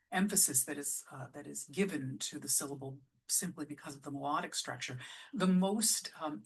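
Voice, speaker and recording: A woman's voice: low-pitched, breathy edge. A middle-aged woman speaking to camera as an artistic director, explaining songwriting craft in a chatty, thoughtful way with frequent fillers and restarts. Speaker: artistic director giving advice on musical writing. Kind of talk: casual vlog lecture.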